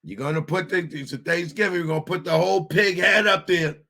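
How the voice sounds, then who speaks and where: A man's voice: high-pitched, gravelly, sharp tone, pitched above the performer's own voice, full character voice. A man putting on the voice of a tough Italian-American mobster, wheedling and drawing out a name. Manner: wheedling gangster talk, drawn-out name calling.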